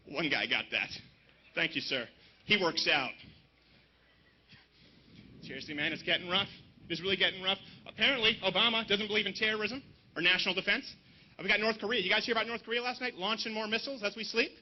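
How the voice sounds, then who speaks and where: A man's voice: high-pitched, fairly quick, pauses often, highs cut off. A man raised in Canada doing a stand-up comedy set at an outdoor rally, with punchy delivery and mocking asides.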